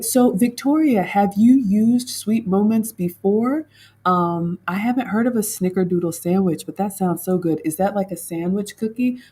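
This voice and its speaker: Chatty low-voiced woman home cook. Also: mellow, slightly rough. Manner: chatty, talks to viewers as "class" and "y'all". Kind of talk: casual chat reviewing a baking class. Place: home kitchen.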